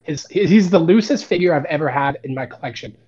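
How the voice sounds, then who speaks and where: A man's voice: a little high, lively intonation, fast, a little mellow, breathy edge. A man co-hosting a casual wrestling podcast, rambling with many fillers. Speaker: podcast co-host. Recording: dull lo-fi mic.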